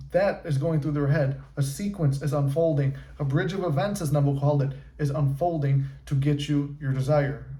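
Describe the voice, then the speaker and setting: A man's voice: a little high, warm tone. Casual, profane male manifestation coach. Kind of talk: casual motivational monologue. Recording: echoey room.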